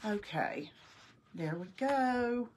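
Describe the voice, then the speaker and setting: A woman's voice: on the high side, animated, very slow, slight background noise. A middle-aged woman casually demonstrating a craft live, chatting folksily, thinking aloud and greeting viewers by name.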